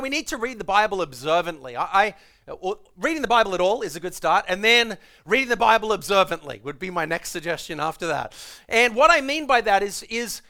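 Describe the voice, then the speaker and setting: A male pastor preaching a Sunday morning sermon, animated and acting out the lines he quotes, often repeating his words. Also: sits high.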